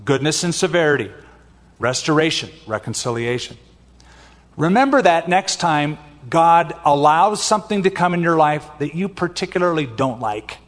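Older male pastor, conversational sermon, slightly high voice, reverberant hall. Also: animated, normal speed. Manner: conversational preaching, personal asides.

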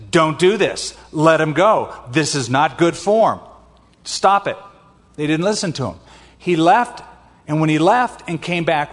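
Older male pastor preaching in a hall. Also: fairly high pitch. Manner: conversational preaching, personal asides. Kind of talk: sermon.

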